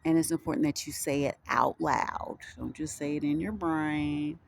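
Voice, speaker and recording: A man hosting his own video, talking gently and haltingly to viewers, repeating words and coaxing them to answer aloud. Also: a little high, steady tone, gravelly, a little hiss or hum. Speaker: video host teaching viewers. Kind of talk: slow, gentle monologue to the camera.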